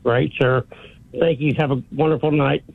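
Gravelly male caller on phone line. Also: medium pitch, steady tone, normal speed, no echo. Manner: friendly, direct questions.

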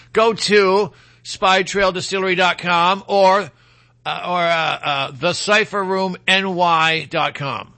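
This Michigan man speaks with a high, sharp voice and a Michigan accent. He hosts a casual political talk show, rambling and opinionated, dropping in folksy asides.

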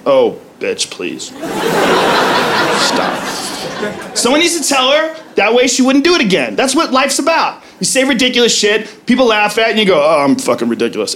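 A man doing a profane stand-up comedy routine on a club stage, brash with loud punchlines. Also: high-pitched, noisy background. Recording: live club recording, audience laughter. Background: crowd laughing.

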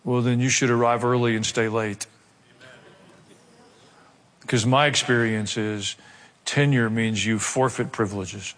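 A pastor preaching a sermon, emphatic and conversational, repeating key phrases. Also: male voice, medium pitch. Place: large church hall. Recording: long hall reverb.

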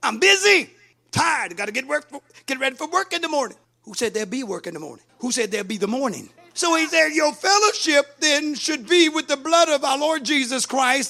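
A man preaching a sermon, fervent, breaking into shouts and sing-song cadences. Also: very high voice.

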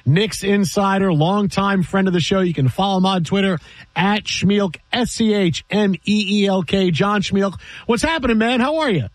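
A man hosting a sports radio show, bantering playfully and moving quickly between jokes and introductions. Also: high voice, dry recording. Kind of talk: energetic sports talk.

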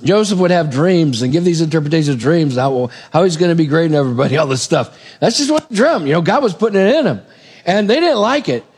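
A man preaching a conversational sermon in a church, retelling scripture stories with animated, acted-out quotes. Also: a little high, fast talker, husky. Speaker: pastor. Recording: long reverb of a hall.

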